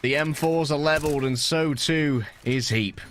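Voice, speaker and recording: Excitable male esports caster. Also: moderate pace, slight background noise. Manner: excitable, jokey, swings from low murmurs to high hype calls. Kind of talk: live esports play-by-play commentary.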